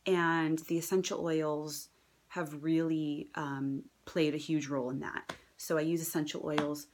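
A low-voiced woman in her thirties shares a heartfelt personal testimonial as a mother. She talks casually and earnestly, with fillers and restarts, and sometimes drops into a whisper. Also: flat delivery, unhurried.

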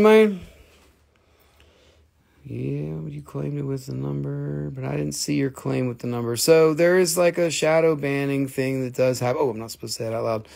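Gravelly excitable man selling crystals live. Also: mid-range voice. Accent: Appalachian American. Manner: excitable, swearing, chatty, reads out buyer claims. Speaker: live-stream crystal seller. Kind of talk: casual live sale stream.

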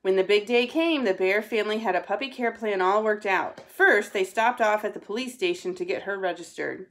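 A woman teacher reading a children's storybook aloud in a gentle way. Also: medium pitch, brisk. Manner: gentle, answers a child's interruptions.

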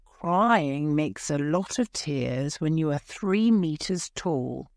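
Woman, storyteller, graded reader narration, slow careful reading, dry close sound. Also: low voice, lively intonation, darkish tone, no echo. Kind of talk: scripted story narration for English learners.

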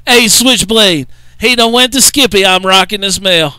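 High, bright man, drawling CB radio relay chatter, dry close sound. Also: moderate pace, smooth, no room sound, rough recording. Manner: drawling Southern trucker talk, laughing, repeating others' words. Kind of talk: CB radio banter.

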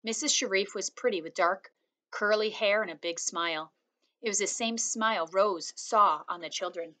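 A woman reading a children's novel aloud, one chapter after another. Her delivery is calm and steady, in a voice of ordinary middle pitch. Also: normal speed. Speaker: reader.

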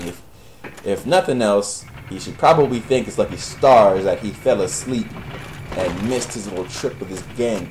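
A man's voice: fairly low pitch, darkish tone, a little hiss or hum, low-quality recording. Profane, sarcastic man playing a game. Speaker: gaming commentator. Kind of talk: Let's Play commentary.

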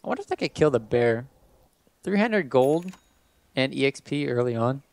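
A man from Texas casting a live esports match on a headset, giving relaxed, chatty analysis. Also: medium pitch, normal speed. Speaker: esports caster. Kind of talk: live game commentary.

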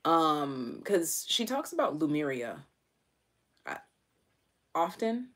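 A woman's voice: deep voice, sing-song, takes it slowly, fairly bright tone. A woman giving a casual live tarot reading, chatty, with many fillers and casual swearing. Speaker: tarot reader.

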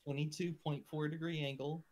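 A woman's voice: low-pitched, fairly even intonation, fairly quick, darkish tone. A woman in casual gaming chat with friends, trading dry, teasing banter.

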